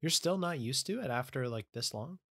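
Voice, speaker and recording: A man co-hosting a podcast, teasing and asking questions in relaxed casual chat. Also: mid-range voice, a little fast, no room sound, studio quality. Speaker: podcast co-host.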